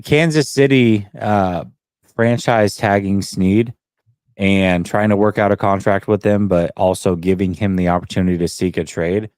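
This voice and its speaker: Lower-voiced man analyzing football. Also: steady tone, moderate pace, darkish tone, clear, resonant tone, no room sound, clean studio sound. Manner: analytical, explains at length. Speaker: sports podcast panelist. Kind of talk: casual sports talk.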